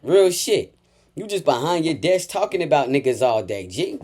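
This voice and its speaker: A man's voice: on the high side, sing-song, moderate pace. Profane, taunting man in a heated rant. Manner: profane, taunting, repeats insults, swings from mutters to loud outbursts. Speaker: reaction commentator.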